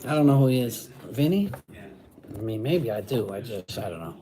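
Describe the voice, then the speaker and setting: A man's voice: medium pitch, animated, normal speed, dark tone, a little hiss or hum. A middle-aged man chatting casually on a livestream, using street slang and repeating phrases. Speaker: host reading live chat.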